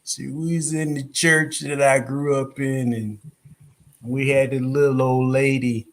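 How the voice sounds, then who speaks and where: A man putting on the voice of a Southern woman comedian who tells a church story with a slow, drawn-out Southern accent. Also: mid-range voice, flat delivery, lightly acted. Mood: drawling.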